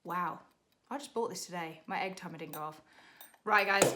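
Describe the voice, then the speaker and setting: A young British woman, a makeup artist, chatting to camera in a rushed, laughing tutorial while doing her makeup. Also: on the low side, bright, forceful tone, a little hiss or hum. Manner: chatty, rushed, laughing under time pressure.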